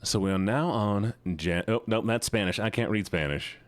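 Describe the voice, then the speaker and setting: A man's voice: moderate pace, no echo. A man livestreaming, chatting casually and playfully with his viewers, often joking at his own expense. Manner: playful, self-mocking, with sudden jumps in pitch. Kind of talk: casual chat to stream viewers.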